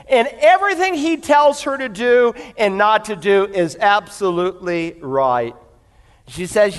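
High-voiced preacher telling a story. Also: male voice, animated, measured pace, clean tone, big-room sound. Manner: storytelling, addresses the congregation. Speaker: pastor. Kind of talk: sermon. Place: church before a live congregation.

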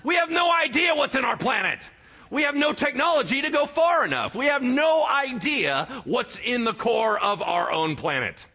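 A man preaching a sermon in a lively, joking way, often asking the congregation whether they follow him. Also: very high-pitched, moderate pace, vocal fry, husky. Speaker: pastor.

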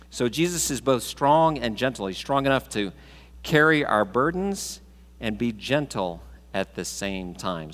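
Male pastor, mid-pitched voice, relaxed preaching style, church reverb. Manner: conversational, unhurried preaching with scripture readings. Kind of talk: sermon. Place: church sanctuary. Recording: long hall reverb of a church.

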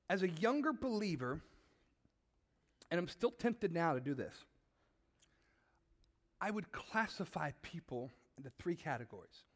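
A middle-aged man giving a sermon in a chatty, searching way, often asking his listeners questions. His voice sits high and moves animatedly through a wide range, and he often doubles back on his words. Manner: conversational, asks the audience questions, repeats words. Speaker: pastor.

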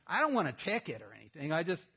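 A middle-aged man, a pastor, preaching a sermon in a conversational, humorous storytelling manner with lively outbursts. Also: a little high, quick pace, breathy edge.

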